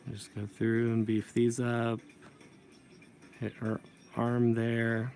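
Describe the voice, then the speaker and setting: A man's voice: mid-range voice, monotone, slow, darkish tone, faint music behind. A man teaching comic inking in a casual tutorial, thinking aloud and correcting himself as he works. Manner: thinking aloud while working, self-correcting. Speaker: comic book inker.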